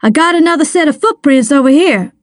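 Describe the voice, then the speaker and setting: A woman reading aloud, voicing an eager female deputy who calls out reports loudly. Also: high voice, animated, slow, no room sound, studio quality, pitched above the performer's own voice. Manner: calling out loudly.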